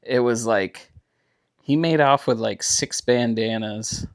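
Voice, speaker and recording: Slow-talking goofy podcast man. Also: mid-range voice, smooth. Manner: goofy, playful, drawn-out jokey delivery. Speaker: podcast co-host. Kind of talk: casual chat.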